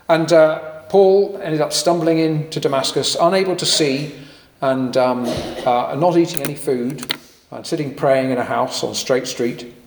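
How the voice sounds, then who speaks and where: A man preaching a sermon in a lively, conversational way with occasional fillers and jokey asides. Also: fairly high pitch. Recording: echoey hall with long reverb.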